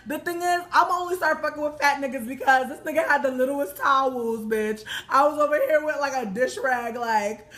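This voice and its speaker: A young woman telling a story in a casual, profane, animated way, breaking into loud exclamations. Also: high voice, moderate pace, hardly any pauses.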